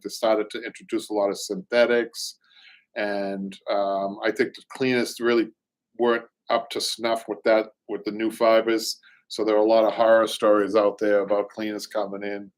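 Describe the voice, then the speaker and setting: A middle-aged man with a Boston accent hosts a live show in casual chat, rambling and reading viewer comments aloud. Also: on the low side. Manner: rambling, repeats words, reads comments aloud. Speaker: show host, upholsterer.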